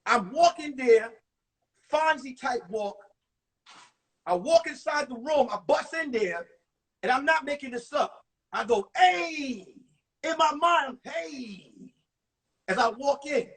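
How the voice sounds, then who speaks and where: A comedian from New York doing a one-man show, telling comic stories and acting out the characters in an animated way. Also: very high voice, takes it slowly, pauses often, far from the mic, poor audio. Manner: animated, acts out every character.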